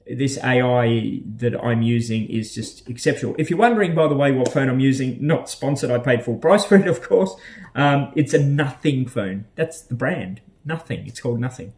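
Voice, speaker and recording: An Australian man talks casually to camera in a vlog, wandering from point to point. His speech is full of ums, uhs and restarts, but his pitch sits in an ordinary middle range. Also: expressive, moderate pace, darkish tone. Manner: rambling and hesitant, with many ums and uhs. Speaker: vlogger.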